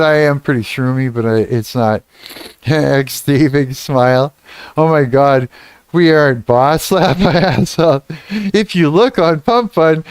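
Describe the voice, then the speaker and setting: Slow-talking giggly man on a livestream. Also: on the high side, smooth, dry recording. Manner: giggly, swears a lot, reads chat aloud. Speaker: livestream host. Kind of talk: casual livestream chat reading comments.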